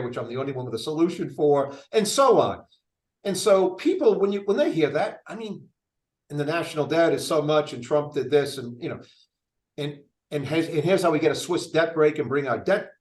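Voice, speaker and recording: An older man running for office, talking casually in an interview with a rambling, restart-filled manner. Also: a little high. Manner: animated, rambling, frequent restarts. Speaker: presidential candidate. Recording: echoey room.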